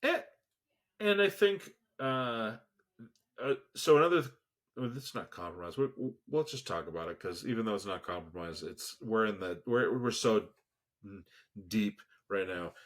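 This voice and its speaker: A man co-hosting a podcast in casual chat, talking haltingly with many restarts. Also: fairly low pitch, lively intonation. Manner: halting, full of restarts, laughs easily. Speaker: podcast co-host. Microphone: remote call setup.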